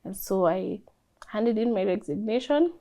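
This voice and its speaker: A young woman, a guest in an interview, telling a personal story in a lively way and acting out what people said. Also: medium pitch, measured pace. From Kenya. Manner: animated storyteller, acts out quoted dialogue.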